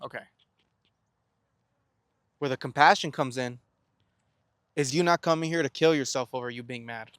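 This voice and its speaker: A man's voice: medium pitch, moderate pace, pauses often, a bit bright, slight background noise. A young man talking to the camera in an earnest, reflective self-help monologue, often posing rhetorical questions and stumbling over repeated words. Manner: earnest, asks rhetorical questions and answers them; stammers and restarts words.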